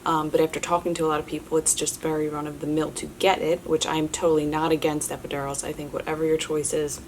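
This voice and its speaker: Low-voiced young woman rambling casually to camera, lots of likes and ums, a bit of hiss behind her. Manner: chatty, many fillers and restarts, candid. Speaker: vlogger answering viewer questions. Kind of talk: casual chat.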